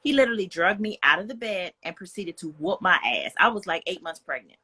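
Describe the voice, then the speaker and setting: A woman's voice: fairly low pitch, expressive, fast, pushed and bright, breathy edge. A young woman, speaking as a guest in a candid, personal storytelling style, earnest and frank, with plenty of "like" and "you know".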